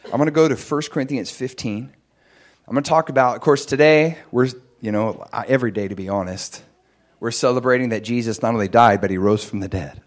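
A man preaching a sermon, telling his own testimony in a lively storytelling way. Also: brisk. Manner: animated storytelling, jumps much higher and louder in excited moments.

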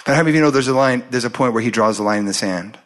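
A man preaching a sermon and telling a personal story, acting out the voices in it with lively storytelling. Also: medium pitch, racing. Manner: animated storytelling, acts out his own and God's lines.

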